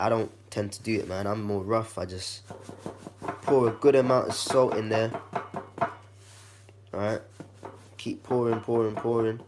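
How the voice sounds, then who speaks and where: A man with a slightly croaky, congested voice, giving a laid-back how-to demonstration in his kitchen and talking to the viewer like a friend. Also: fairly low pitch, a little mellow. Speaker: vlogger.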